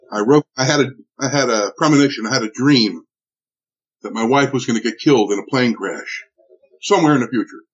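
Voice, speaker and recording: A man recounting a personal ordeal in an interview, animated and full of restarts and acted-out quotes. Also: medium pitch, slightly rough. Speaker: interviewee telling a personal story. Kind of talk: emotional spoken recollection. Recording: dull lo-fi recording.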